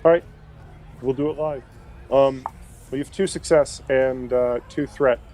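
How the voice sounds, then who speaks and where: A man as game master narrating a tabletop role-playing game, unhurried and full of fillers. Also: medium pitch, fairly even intonation, crowd noise.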